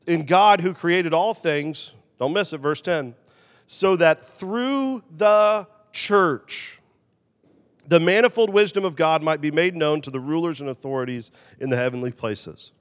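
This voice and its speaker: Male pastor, sermon, slightly high voice, animated delivery, loud then hushed, long hall reverb. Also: a little slow. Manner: animated preaching, shifting between loud emphasis and quiet confession.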